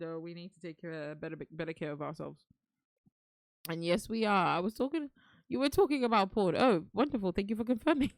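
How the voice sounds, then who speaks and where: Woman streamer, low voice, dry close sound; chatty and affectionate with chat. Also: no echo. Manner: chatty, affectionate, calls viewers darling. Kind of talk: casual live-stream chat.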